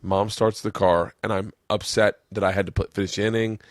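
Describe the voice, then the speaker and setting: A man hosting a podcast, telling a story in casual chat, animated and swearing, his voice jumping up when he quotes himself. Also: on the low side, brisk, no echo, studio quality. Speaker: podcast host. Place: room with family around.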